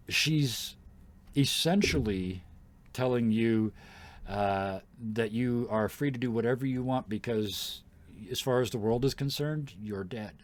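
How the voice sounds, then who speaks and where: A man narrating and running a tabletop role-playing game as game master, telling the story in a relaxed way with fillers and laughter. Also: medium pitch.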